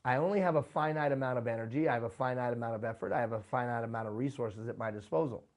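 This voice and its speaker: A man's voice: mid-range voice, rapid-fire. A man presenting a live workshop, talking emphatically and putting rhetorical questions to his audience. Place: live event room.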